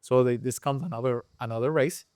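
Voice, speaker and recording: A man from Rico, a guest and engine builder telling a story in a casual interview, acting out the people he quotes with sudden high voices. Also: a little fast, dry recording, studio quality. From Puerto Rico. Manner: animated storyteller who acts out quoted people with jumps in pitch.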